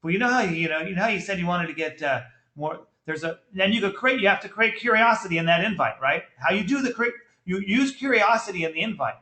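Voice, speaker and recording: Male sales coach, blunt and animated, bright voice, roomy sound. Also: sits high, quick pace, hardly any pauses. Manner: blunt, animated, laughs often. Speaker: sales trainer critiquing a call. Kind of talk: casual coaching commentary. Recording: echoey room.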